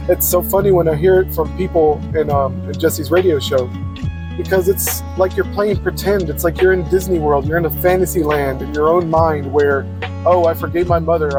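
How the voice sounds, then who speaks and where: A man giving a blunt, preachy casual monologue, swearing freely. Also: on the high side. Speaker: podcaster.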